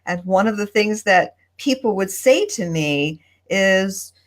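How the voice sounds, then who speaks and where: A woman on a video call at her desk, chatting on a panel and giving tips in a thoughtful, pausing way. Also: medium pitch, expressive. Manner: thoughtful, deliberate, with pauses. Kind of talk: casual panel chat. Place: home desk.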